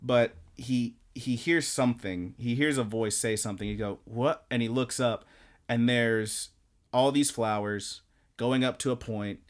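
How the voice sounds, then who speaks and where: Guy on a podcast going over anime episodes, mid pitch, rambles and quotes the characters. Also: unhurried. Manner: rambling, animated retelling with quoted lines. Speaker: podcast co-host. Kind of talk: casual episode recap.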